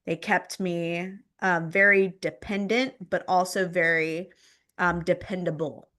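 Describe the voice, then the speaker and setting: A woman's voice: on the low side, flat delivery, slow, a bit bright. A woman guest on a podcast telling her personal story in conversation, rambling with many fillers and repeating phrases for emphasis. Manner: rambling, filler-heavy speech with frequent "like" and "um".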